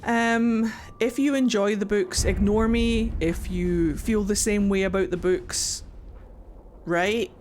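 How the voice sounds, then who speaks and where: A young woman streaming a video game live, talking excitably to chat and swearing freely as she rants. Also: mid-range voice, takes it slowly, a little hiss or hum. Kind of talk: live gameplay commentary.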